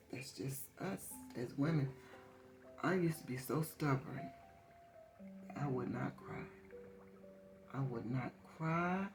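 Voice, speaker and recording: A woman reading tarot in a casual, conversational way, repeating phrases for emphasis. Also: a bass voice. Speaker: tarot reader. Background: soft guitar music.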